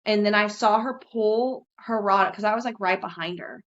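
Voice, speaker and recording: A woman co-hosting a podcast, telling a fishing story in casual chat, lively and swearing casually. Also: moderate pace, dull audio. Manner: animated, jumps high when quoting herself, swears casually. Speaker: podcast co-host.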